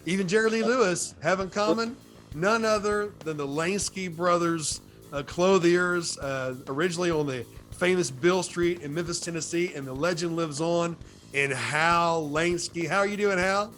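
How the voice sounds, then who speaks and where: A man's voice: fairly high pitch, normal speed, a bit bright, faint music behind. A man hosting an interview, upbeat and enthusiastic. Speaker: show host. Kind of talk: casual interview.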